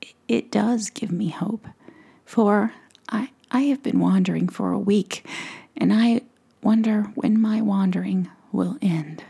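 A woman voicing a polite, bewildered fairy queen in a soft whispered role-play. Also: mid-range voice, unhurried, creaky, slightly rough. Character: lost gentle fairy queen, young woman.

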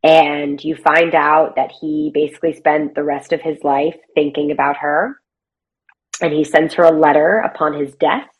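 Chatty, lively woman guest. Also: low-pitched, rough recording. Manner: animated and chatty, mimics characters in quick asides. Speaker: guest, playwright and actor. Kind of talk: casual conversational interview.

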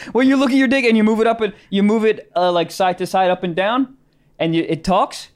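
A man with a high voice trades banter on a casual podcast. He is crude and jokey, and he keeps spinning off into absurd riffs. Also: moderate pace, a little hiss or hum. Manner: crude, joking, riffing on absurd images. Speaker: podcast co-host.

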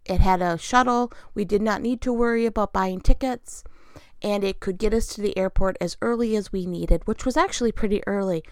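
A woman casually telling a personal travel story, chatty and animated, acting out bits of dialogue. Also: medium pitch, brisk, clean tone, no room sound, studio quality.

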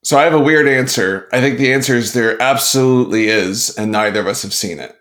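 A man co-hosting a casual movie podcast, speaking in a relaxed and unhurried way. He hesitates often and fills pauses with uhs and likes as he thinks aloud. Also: medium pitch. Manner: laid-back, hesitant, many fillers. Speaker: podcast co-host.

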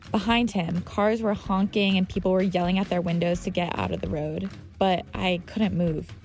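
New woman reading her own story, low gravelly voice, soft music under it. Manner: vivid, dramatic delivery with acted dialogue. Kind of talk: reading a personal essay.

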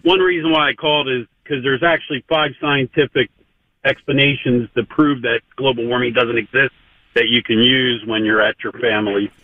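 Nervous-ish male caller, halting, muffled dry line. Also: medium pitch, steady tone, no room sound. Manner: hesitant, halting. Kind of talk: call-in chat. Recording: dull lo-fi call audio.

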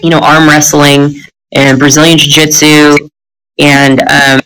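A middle-aged woman talks candidly in a conversation, her voice bright and forward. She is blunt and profane, laughing as she goes and acting out other people's lines as she tells her story. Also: low voice, flat delivery, measured pace, clean tone, rough recording. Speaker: guest telling her recovery story.

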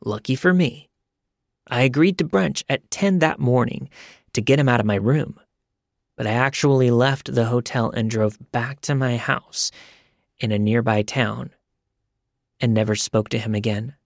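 Male narrator, gravelly tone, dry close read, scripted storytelling. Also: mid-range voice, unhurried, no echo. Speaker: podcast narrator. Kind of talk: scripted narration of listener stories.

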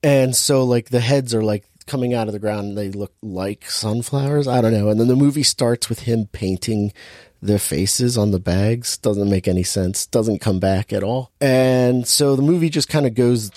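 A man's voice: mid-range voice, moderate pace, warm tone, dry recording, studio quality. A man casually recapping a movie plot in a rambling way, full of "like" fillers.

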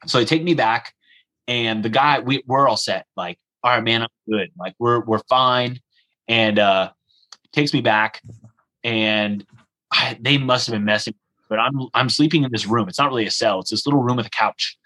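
A young man with a medium-pitched voice, speaking at a normal pace, recounts a travel story in casual conversation. He's animated, acts out the dialogue, and leans heavily on "like" as a filler. The recording quality is low.

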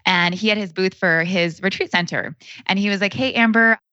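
A woman's voice: on the low side, fairly even intonation, a little fast, bright, forceful tone, dry recording, highs cut off. A woman in her thirties, a podcast guest, telling a personal story in a chatty, casual way with lots of fillers. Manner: chatty, heavy use of "like", acts out quoted speech.

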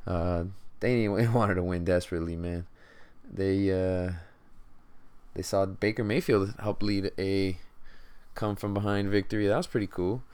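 A man's voice: low-pitched, steady tone, normal speed, darkish tone, clear, resonant tone, no room sound. Profane, frustrated man ranting. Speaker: podcast host. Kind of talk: casual sports chat.

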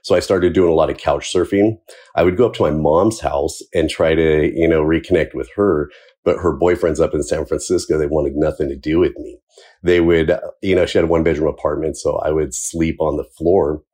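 A man's voice: very deep voice, fairly even intonation, a little fast, mellow. A man from Southern California, a firefighter, telling his own life story in a casual, candid way and chuckling between points. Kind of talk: personal storytelling.

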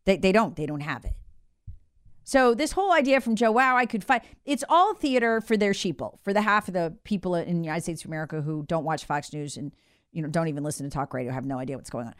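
A woman's voice: low voice, lively intonation, fast, dry recording, clean studio sound. A woman hosting a political commentary show, talking in an emphatic, indignant monologue with sarcastic asides.

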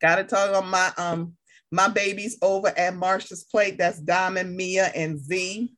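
A woman chatting casually on a podcast, animated and profane as she gives playful shout-outs. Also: fairly low pitch, unhurried. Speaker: podcast guest. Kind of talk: casual chat.

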